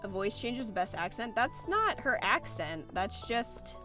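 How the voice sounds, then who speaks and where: A woman's voice: on the high side, sing-song, unhurried, over music. A young woman streamer chatting casually while playing, reading viewer comments aloud with a playful, filler-heavy way of talking. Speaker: gaming streamer.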